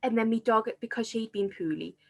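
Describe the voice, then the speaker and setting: A woman's voice: fairly high pitch, fairly quick, creaky. A young woman, candidly telling her own story as a podcast guest. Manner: candid, self-deprecating storyteller. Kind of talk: casual chat.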